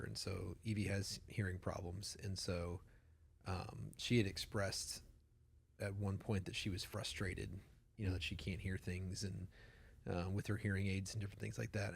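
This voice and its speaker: A man's voice: sits low, gravelly, breathy edge. A man in his thirties, a pastor co-hosting a podcast, telling stories with emphatic repetition. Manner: animated storytelling, emphatic repetition. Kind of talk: casual podcast conversation.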